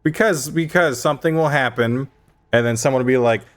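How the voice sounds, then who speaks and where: A man's voice: medium pitch, a little fast. A young adult man streaming a game, chatting casually and ranting with emphatic, mock-outraged insistence. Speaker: gaming streamer.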